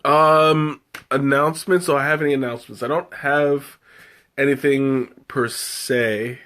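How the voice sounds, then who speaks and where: A man's voice: medium pitch, little pitch movement, unhurried, fairly bright tone. A man hosting a live tea tasting, chatting casually and rambling with many fillers and restarts. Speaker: livestream host tasting tea.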